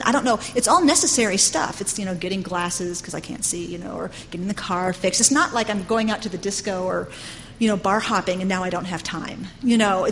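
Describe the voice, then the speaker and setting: A woman's voice: medium pitch, a little hiss or hum. Earnest woman preaching in a reverberant hall. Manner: earnest, conversational preaching with frequent "you know". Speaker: Bible teacher. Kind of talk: sermon. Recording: long hall reverb with faint ambience.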